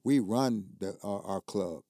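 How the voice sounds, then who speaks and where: An older basketball coach speaks a little slowly in a lowish, mellow voice, telling stories as a guest in casual talk. He gets emphatic and repeats words when excited. No echo, studio-quality audio.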